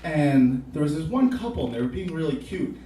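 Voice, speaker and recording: A man's voice: a little high, very animated, a little fast, dark tone, slight background noise. A young man doing a rambling, profane, self-mocking stand-up comedy set on a club stage. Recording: roomy club sound from a distance.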